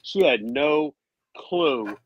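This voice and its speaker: A man's voice: fairly high pitch, expressive, very slow, lo-fi sound. A middle-aged man telling laid-back anecdotes about his youth in a casual chat, chuckling now and then.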